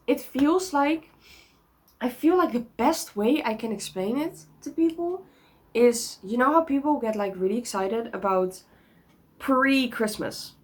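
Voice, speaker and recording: A woman's voice: on the high side, animated, a little slow, rough recording. A young woman talking casually in a home vlog, bubbly and rambling, with lots of giggles and restarts. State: sick. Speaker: vlogger.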